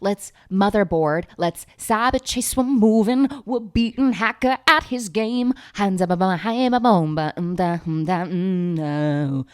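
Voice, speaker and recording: A dopey, excitable young man rambling out a big scheme, as a woman plays him. His lines come fast and hyped. It stays close to the performer's own casual voice. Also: mid-range voice, clear, resonant tone, close to an everyday voice.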